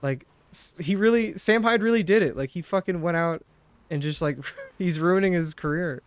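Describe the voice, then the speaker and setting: A man's voice: high voice, moderate pace, no room sound. Swearing streamer man, ranting. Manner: swears a lot, rants animatedly, laughs. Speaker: streamer playing a game. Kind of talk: casual live-stream commentary. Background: game music.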